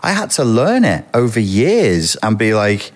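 Brief: expert guest, middle-aged man, deep voice, earnest and explanatory, talks straight to camera. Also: wildly swooping pitch, a little slow. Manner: earnest, explanatory, addresses viewers directly. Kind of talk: interview, explaining.

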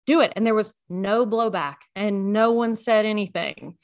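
A young adult woman co-hosting a podcast, chatting casually and telling animated stories with voiced quotes. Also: mid-range voice, unhurried. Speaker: podcast co-host. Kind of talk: casual chat.

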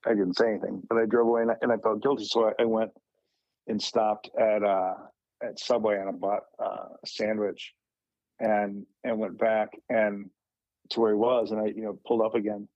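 A man's voice: fairly low pitch, level tone, moderate pace, darkish tone, no room sound, dull audio. Middle-aged man guest, rambling anecdotes with many fillers, dry close-mic sound. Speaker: podcast guest, mental health advocate. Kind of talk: casual conversation, storytelling.

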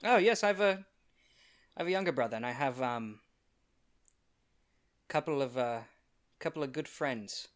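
A man playing his character in a tabletop game, who moves between heated outbursts and quiet, sincere speech. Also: mid-range voice, animated, normal speed, long pauses. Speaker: player.

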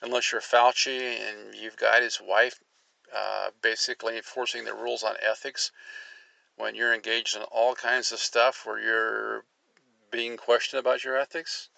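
A man's voice: medium pitch, flat delivery, unhurried, vocal fry, pushed and bright, no room sound, rough recording. A man hosting an opinionated commentary show, reading articles aloud and cutting in with sarcastic asides, his voice jumping up when he gets worked up.

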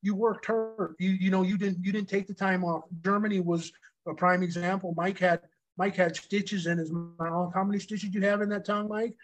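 A middle-aged man with a fairly high voice that stays level and barely rises or falls. He tells old stories from his wrestling days in a loose, profane, rambling way, repeating phrases as he goes. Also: fairly even intonation, normal speed, faint music behind, low-quality recording. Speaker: retired pro wrestler telling stories. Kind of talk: casual storytelling chat.

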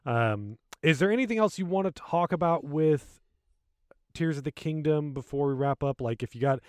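Easygoing podcast host, dry sound. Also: male voice, on the high side, expressive, moderate pace, no echo. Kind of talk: casual chat.

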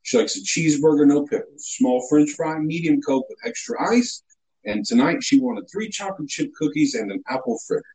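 A man with a high, bouncing voice spins a casual comic story, swinging his pitch all over the place. He sounds mock-indignant and animated, building up small details for laughs. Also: fairly quick, low-quality recording.

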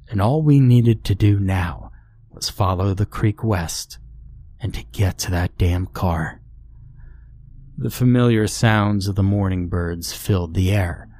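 A man's voice: low-pitched, darkish tone. A man narrating a scripted horror story in a grave, brooding way.

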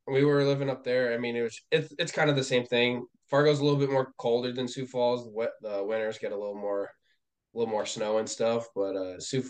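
Easygoing teenage guy from the Dakotas. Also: lowish voice. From the Dakotas, US Upper Midwest. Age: late teens. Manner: easygoing, halting with restarts and fillers. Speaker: podcast guest, baseball recruit. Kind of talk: casual interview chat.

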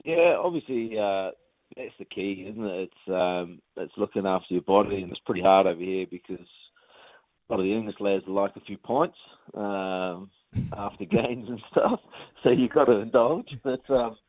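A man's voice: fairly low pitch, moderate pace, no room sound. A man with a New Zealand accent, a rugby player chatting casually in an interview, rambling with lots of fillers and calling the host mate. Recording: phone-line audio.

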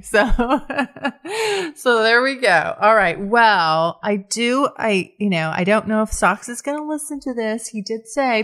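Woman, solo podcast host, candid casual talk, swears freely, middle pitch. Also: a bit bright. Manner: frank and chatty, swears freely, many restarts.

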